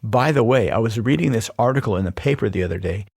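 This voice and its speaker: A man hosting a podcast, reading scripted instructional narration in a steady, even-paced delivery. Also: on the low side, fast talker, creaky, husky, no room sound, studio quality. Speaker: podcast host teaching persuasion.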